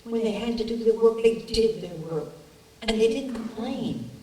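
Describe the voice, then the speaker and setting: A woman's voice: fairly high pitch, moderate pace, mellow, roomy sound, far from the mic, a little hiss or hum, poor audio. A woman, an actress joining a film Q&A remotely, giving a heartfelt, earnest and emphatic speech. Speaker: actress guest on a remote video link.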